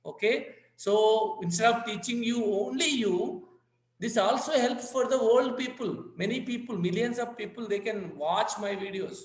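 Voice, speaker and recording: Over a rough, roomy-sounding video call, a physics lecturer with a high voice talks at normal speed. He has an Indian English accent, speaks Telugu natively, and keeps repeating points while checking in with his students directly.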